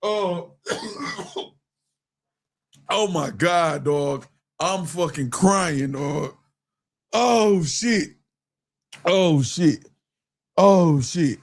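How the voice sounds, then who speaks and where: Male streamer host, slangy and casual, reads super chats, slightly higher-pitched voice. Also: very slow, long pauses. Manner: loose, slangy, keeps breaking into laughter; reads viewer comments aloud in a relaxed drawl. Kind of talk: casual live-stream chat.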